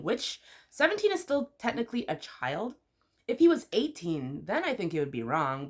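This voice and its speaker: Chatty opinionated woman vlogger. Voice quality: expressive with sudden high exclamations. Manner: chatty and opinionated, lots of "like" fillers. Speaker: YouTuber. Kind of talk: casual chat, rating TV couples.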